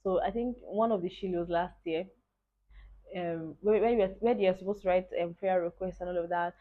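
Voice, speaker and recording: A Nigerian woman in her twenties with a Nigerian accent telling a personal story in a casual, animated way, often checking in with the viewer. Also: fairly low pitch, fairly quick. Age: 20s. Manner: animated, talks straight to the viewer with repeated asides. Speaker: vlogger. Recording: tinny lo-fi phone-like audio.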